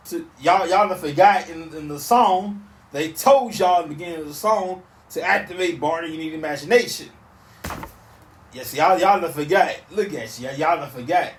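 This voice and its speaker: A man in his thirties hosting a podcast, ranting casually in an animated, repetitive, emphatic way on a back porch outdoors. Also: on the high side, moderate pace, a little hiss or hum. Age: 30s. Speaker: podcast host. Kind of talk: casual solo rant. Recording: roomy sound from off mic.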